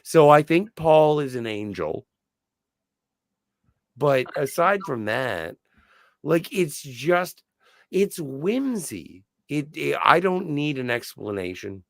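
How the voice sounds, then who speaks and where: A man's voice: on the high side, very animated, slow, vocal fry, no echo, studio quality. A man co-hosting a podcast, talking in a thoughtful, searching way with fond praise. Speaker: podcast co-host. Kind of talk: casual podcast discussion.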